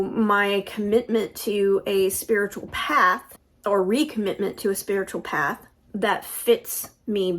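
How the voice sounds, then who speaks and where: Slow, thoughtful middle-aged woman. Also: a little high. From United States. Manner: unhurried, thoughtful, with frequent pauses. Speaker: tarot vlogger. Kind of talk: reflective personal vlog.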